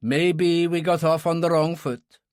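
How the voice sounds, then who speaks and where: A man voicing a gruff, grudging old Highland clansman, in an audiobook. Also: fairly even intonation, unhurried, darkish tone, no echo, studio quality, natural voice.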